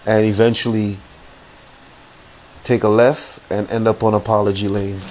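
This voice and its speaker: A man's voice: fairly low pitch, little pitch movement, normal speed, darkish tone, a little hiss or hum. A man hosting a podcast, telling a story in a casual, slangy, rambling way and repeating his phrases. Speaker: podcast host.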